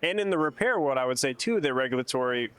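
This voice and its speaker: A man's voice: mid-range voice, lively intonation, quick pace, a bit bright, clear, resonant tone, no room sound. A man hosting an interview, thoughtful, asking long winding questions. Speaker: podcast host, interviewer. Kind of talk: conversational interview. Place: expo hall.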